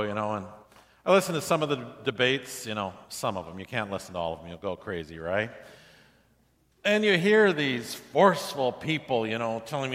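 A man's voice: mid-range voice, big pitch swings, normal speed, fairly bright tone. A male pastor preaching a sermon in a chatty, conversational way, often asking the congregation questions. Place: church sanctuary. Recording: long hall reverb in a church.

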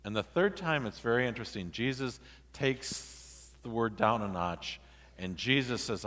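A male pastor preaching a sermon in a relaxed, conversational, storytelling way, acting out the quoted dialogue. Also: medium pitch, measured pace, big-room sound.

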